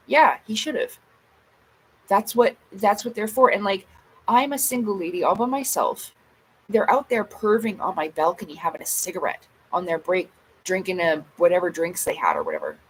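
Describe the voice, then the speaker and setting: A woman's voice: on the low side, expressive, normal speed, rough recording. A woman venting to her viewers in a casual vlog, agitated and swearing as she acts out her own side of arguments. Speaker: vlogger. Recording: faint background noise.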